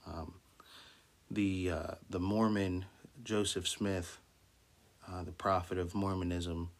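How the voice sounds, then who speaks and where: A man speaking as a minister, giving an informal Bible talk with many restarts and fillers, then reading scripture slowly. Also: low voice, little pitch movement. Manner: slow deliberate scripture reading.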